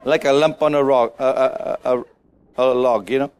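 A man preaching a sermon, urging the congregation to shout back, with a playful manner and little acted-out scenes. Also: mid-range voice, fairly even intonation, moderate pace, smooth. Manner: exhorting, calls on the congregation to shout.

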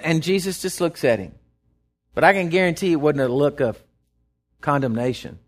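A man's voice: on the high side, animated, moderate pace. A man, a pastor preaching a sermon in a conversational way, retelling scripture and often restarting his sentences. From Texas.

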